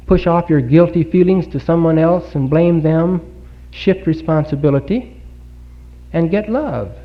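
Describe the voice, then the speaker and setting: A man giving a Bible talk in a congregation hall, earnest and full of rhetorical questions and pauses. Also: a little high. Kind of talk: sermon. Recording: dull lo-fi 1950s recording.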